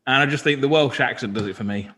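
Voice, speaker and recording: A man's voice: medium pitch, quick pace, bright, forceful tone. A man on a panel making cheeky, provocative jokes in casual chat over a video call. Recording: long reverb on video call.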